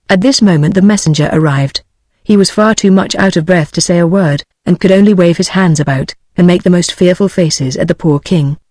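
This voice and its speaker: A text-to-speech voice narrating a storybook audiobook, with a flat synthetic delivery. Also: mid-range voice, a little fast, no echo.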